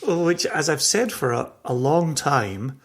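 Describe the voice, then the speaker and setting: A man's voice: fairly high pitch, expressive, slow, vocal fry. A Scottish man co-hosting a podcast in casual chat, reflective and heartfelt, chuckling between thoughts. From Scotland. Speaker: podcast co-host.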